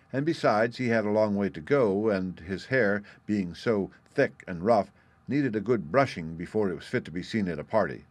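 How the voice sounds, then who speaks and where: A man narrating a fairy tale in a measured, clear way. His voice sits on the low side, and the sound is dry and close. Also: dry recording.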